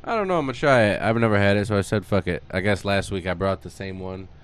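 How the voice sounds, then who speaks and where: Podcast co-host, male, quick and crude, teasing, lowish voice. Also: a little hiss or hum. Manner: blunt, swears freely, teasing. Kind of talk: casual podcast banter. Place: studio.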